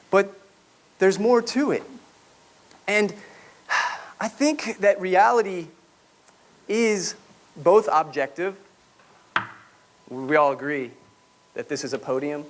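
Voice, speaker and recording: High-voiced man telling his story at a podium. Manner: reflective storytelling, asks the audience questions. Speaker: public speaker. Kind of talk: personal testimony talk to a live audience. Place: room with an audience, speaking at a podium.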